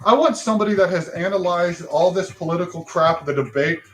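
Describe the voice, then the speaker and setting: A man's voice: high voice, a little fast, a bit bright, faint music behind. A man hosting a livestream talk show, ranting bluntly with frustration and swearing.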